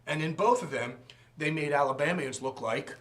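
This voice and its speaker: A man teaching a Sunday school class, animated and joking, acting out quotes as he goes. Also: on the high side, moderate pace. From from outside the region. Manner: animated, jokes and acts out quotes.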